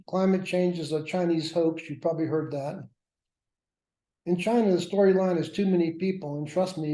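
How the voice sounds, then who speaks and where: Lecturing to his workshop class, the instructor slips in wry jokes at his own expense. His voice is a little high and warm in tone, captured with a roomy echo.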